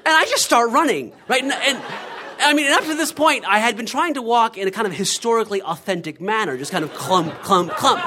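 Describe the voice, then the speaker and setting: Middle-aged male storyteller, comic and animated, swooping pitch, does the characters' voices himself. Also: a little fast, a little hiss or hum. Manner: animated, acts out quoted voices, frequent "right?".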